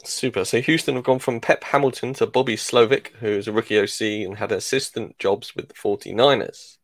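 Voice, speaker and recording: A man's voice: on the low side, a little fast, dry recording. Man leading a podcast chat. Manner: wry, leads the segment with questions. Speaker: fantasy football podcast co-host.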